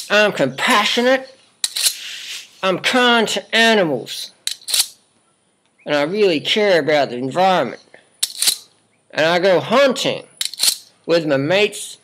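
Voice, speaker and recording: A man's voice: sits high, noisy background. A man playing a smug, boastful male health guru in his forties, rambling through a mocking parody monologue. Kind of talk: comedic spoof monologue.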